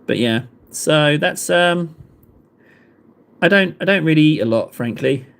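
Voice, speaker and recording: A man's voice: a little high, lively intonation, measured pace, vocal fry. A man, chatting casually with live viewers in a rambling, self-deprecating way. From England. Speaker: livestream host.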